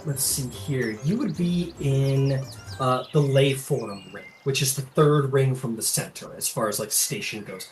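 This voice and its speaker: A man's voice: medium pitch, far from the mic. A man narrating a tabletop role-playing game as game master, loose and full of fillers. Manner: loose, filler-heavy, animated.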